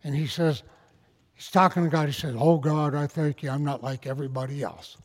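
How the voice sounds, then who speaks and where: A man preaching a sermon in a folksy, conversational way that rises into fervent, loud passages. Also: a little high, steady tone, a little fast, big-room sound.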